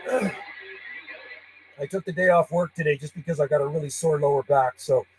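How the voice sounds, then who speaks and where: A man from Canada chatting and calling stations live from his home radio room as a ham radio operator, friendly and relaxed. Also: fairly high pitch, measured pace, husky, rough recording.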